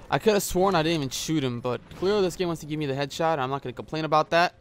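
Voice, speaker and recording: A man's voice: a little high, rapid-fire, clean tone. Rambling young man narrating gameplay. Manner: rambling, many filler uhs, swearing at the game. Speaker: gaming YouTuber. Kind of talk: casual gameplay commentary. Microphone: gaming headset.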